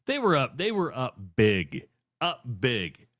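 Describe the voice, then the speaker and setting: A man co-hosting a sports talk show in a radio studio takes his time, spinning animated stories and impersonating what others said with dramatic pitch leaps. The sound is dry and studio-grade.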